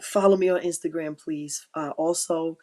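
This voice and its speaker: A woman's voice: deep voice, steady tone, normal speed, mellow. A middle-aged woman hosting a faith-based live stream, giving heartfelt, encouraging talk that repeats key phrases and sits close to tears. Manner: emotional, near tears. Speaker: livestream host.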